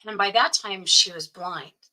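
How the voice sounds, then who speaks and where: A woman's voice: mid-range voice, measured pace, bright, forceful tone, rough recording. A middle-aged woman, a guest in an interview, telling a personal story and acting out what each person said. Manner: recounts events by acting out quoted dialogue.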